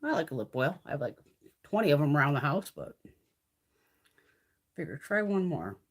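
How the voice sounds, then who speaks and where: A woman talks casually on a live beauty stream while she does her makeup. She is blunt and swears constantly, and her pitch jumps up and down as she chats. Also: big pitch swings, normal speed. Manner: profane, chatty and blunt. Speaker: beauty vlogger.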